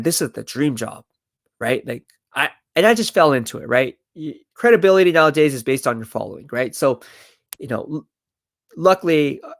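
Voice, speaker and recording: A man's voice: mid-range voice, a bit bright, no room sound. A worn-out man signs off a long sports live stream, his voice tired and fading. He talks in a loose, chatty way and repeats himself as he thanks his viewers. He is close to a dry mic with no room sound. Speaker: podcast live stream host. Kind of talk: casual live stream sign-off.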